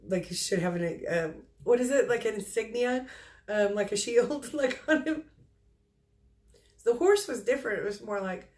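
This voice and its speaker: A middle-aged woman acting as a medium gently delivers messages from spirits at a medium pitch. Her speech is halting, broken up by many pauses and fresh starts.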